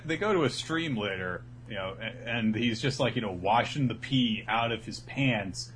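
Man, podcast co-host, casual recap, bright tone, lively pitch, acts out characters. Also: slight background noise. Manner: animated storytelling, acting out characters.

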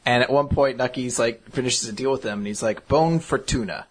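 A man's voice: mid-range voice, fairly even intonation, brisk. A man co-hosting a podcast, an eager storyteller who laughs as he talks. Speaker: podcast co-host. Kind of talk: casual podcast chat.

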